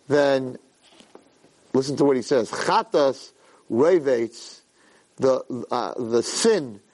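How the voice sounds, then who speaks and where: A man teaching a Torah lesson in an animated way, acting out quotes and repeating words for emphasis. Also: mid-range voice, slow pace. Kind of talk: Torah lecture.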